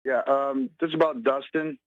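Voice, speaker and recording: A man calling in to a talk radio show, fired up and talking fast, heard over a phone line. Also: medium pitch, little pitch movement, no echo. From San Diego area. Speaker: caller. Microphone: telephone.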